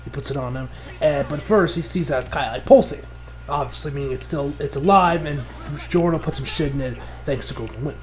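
A man giving a casual, animated episode recap, often laughing and acting out the characters' lines. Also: fairly high pitch, brisk, soft background music. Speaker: anime reviewer.

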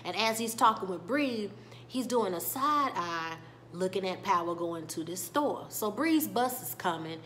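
A woman vlogger recapping a TV episode in casual speech, retelling scenes with lively quoted lines. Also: mid-range voice, a little slow, a little hiss or hum.

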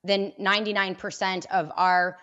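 A woman's voice: medium pitch, level tone, normal speed, a bit bright, lo-fi sound. A woman radio host speaking as a guest on a political talk panel, candid and conversational. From New York. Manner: candid, conversational, builds loose analogies. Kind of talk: panel discussion.

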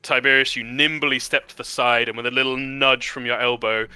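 A man's voice: mid-range voice, level tone, a little fast, sharp tone, smooth, no room sound. A man narrating a tabletop game as game master, describing the scene vividly with fillers.

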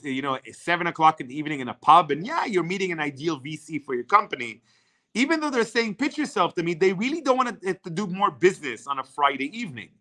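A man whose first language is not English gives energetic networking advice over a video call. He often repeats words as he starts sentences. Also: high-pitched. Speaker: networking guest speaker.

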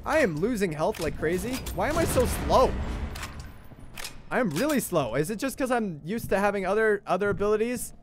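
Young guy streaming a game, super high voice, gets loud and excited then grumbles, music going behind. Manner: excitable, swings from shouting to grumbling. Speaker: gaming livestreamer. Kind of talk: livestream gameplay commentary.

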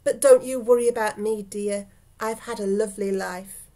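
A woman reading aloud voices a cheerful, polite little old lady in a storybook tale, in a gentle, fond manner. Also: medium pitch, steady tone, normal speed, close to an everyday voice.

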